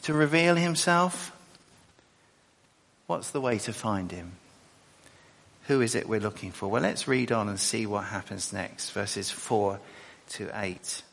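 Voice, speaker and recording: A man preaching a sermon and reading scripture, animated and chatty, with quick asides and self-corrections. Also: on the low side, creaky. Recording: echoey hall.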